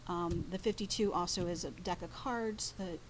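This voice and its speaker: A woman painter, a guest in an interview, telling a story in a halting way, with many pauses and restarts. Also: fairly low pitch, a little hiss or hum, poor audio.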